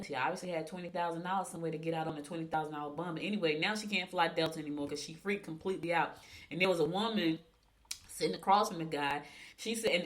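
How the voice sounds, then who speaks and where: A woman hosts a casual radio show in a somewhat low voice. She talks in an emphatic, gossipy way, reading out horoscopes and retelling news stories. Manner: chatty, emphatic, gossipy storytelling.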